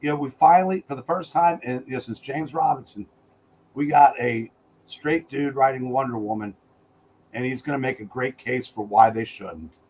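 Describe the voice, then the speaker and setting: Dude co-hosting a chat, blunt, rambly, says you know a lot, faint hiss behind. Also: male voice, medium pitch, moderate pace, a little mellow, rough recording. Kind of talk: casual chat.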